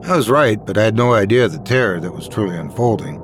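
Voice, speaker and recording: A man telling a horror story in a dramatic, expressive scripted narration. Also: fairly low pitch, quick pace, music in the background.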